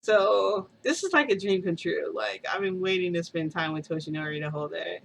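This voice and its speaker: A woman's voice: fairly low pitch, brisk, gravelly, fairly bright tone, slight background noise, low-quality recording. A woman vlogger casually telling a first-person story, rambling and full of "like" fillers.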